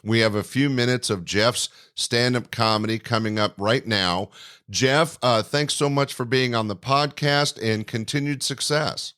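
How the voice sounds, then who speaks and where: A man hosting a podcast, thanking and introducing a guest in a formal announcing manner with many pauses. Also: mid-range voice, smooth. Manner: warm-toned, formal announcing with frequent "uh" pauses. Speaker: podcast host.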